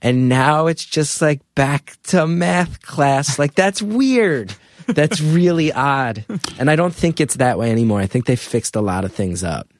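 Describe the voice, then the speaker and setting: A comedian telling personal stories in a casual conversation, animated and full of fillers. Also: male voice, mid-range voice, unhurried. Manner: animated, filler-heavy storytelling with acted quotes. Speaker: comedian guest.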